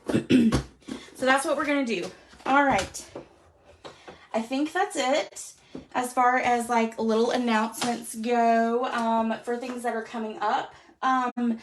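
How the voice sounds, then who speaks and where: A middle-aged woman talks her viewers through a live card-making stream. Her voice sits a little high, and her chat is loose and chatty with frequent laughs. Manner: chatty, warm-hearted, laughs often, says y'all a lot. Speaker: craft show host.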